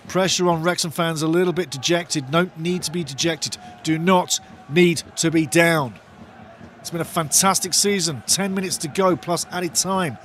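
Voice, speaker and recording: A man hosting a live football watch-along, giving partisan, excitable commentary and chatting to his viewers. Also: a little high, a little hiss or hum.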